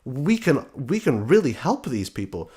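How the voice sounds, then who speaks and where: A man's voice: medium pitch, big pitch swings, unhurried, warm tone, slightly rough. A man hosting a show, delivering a blunt, sarcastic opinion monologue. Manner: blunt, sarcastic, mocking quoted voices. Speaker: podcast host.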